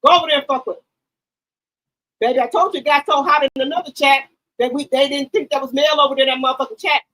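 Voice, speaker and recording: A woman hosting a gossip channel, giving casual, loud, profane commentary on reality TV and talking straight to her chat. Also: sits high, fairly even intonation, quick pace, poor audio. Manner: loud, profane, emphatic hype.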